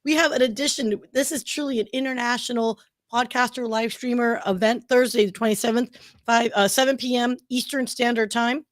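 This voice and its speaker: A woman's voice: on the high side, steady tone, brisk, no echo, studio quality. A bubbly, teasing woman co-hosting a casual live-streamed podcast, promoting an upcoming event. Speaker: podcast co-host.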